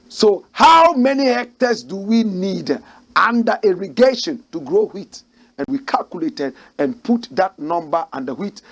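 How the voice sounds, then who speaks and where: A man's voice: a little high, breathy edge. A man from Ghana hosting a current affairs show, reading news quotes aloud and commenting emphatically, repeating key phrases.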